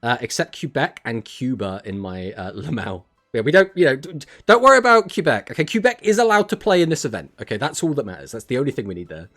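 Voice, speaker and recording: A man's voice: medium pitch, sing-song, fast, hardly any pauses, fairly bright tone, faint music behind. A man with an English accent, casting a card tournament on a live stream, chatting and joking as he reads out and answers messages from his chat.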